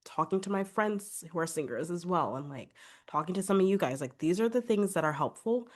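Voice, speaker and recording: A young woman who is a vocal coach hosts her singing podcast solo, sounding chatty, upbeat, and a bit congested from a cold, with plenty of filler "like"s. Her voice is lowish and slightly mellow, fairly quick, with lively intonation.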